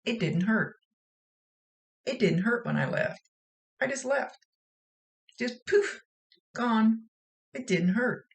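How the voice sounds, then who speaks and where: A woman's voice: on the high side, animated, slow pace, long pauses, voice pushed up. A woman doing a teasing childlike sister spirit. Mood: earnest. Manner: teasing, singsong.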